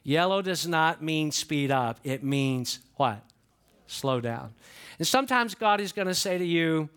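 An older man, a pastor preaching a folksy, animated sermon and asking the congregation questions. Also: fairly high pitch, a little slow, smooth.

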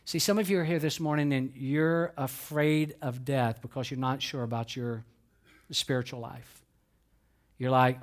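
A male pastor preaching at a church service, speaking with emphasis. His voice swells to loud, driving climaxes as he presses his points. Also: mid-range voice, steady tone, normal speed. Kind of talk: sermon.

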